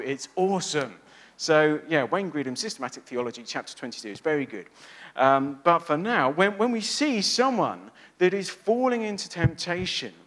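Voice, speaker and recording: Guy preaching, bit high voice, swings up and down a lot, throws questions at the crowd. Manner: animated, asks the audience rhetorical questions. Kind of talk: sermon.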